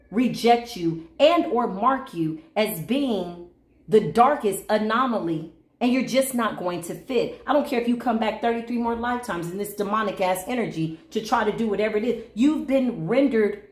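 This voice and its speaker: A woman giving a spiritual reading to camera in a casual, sassy, confrontational and preachy way. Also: medium pitch. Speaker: spiritual reader. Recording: roomy echo.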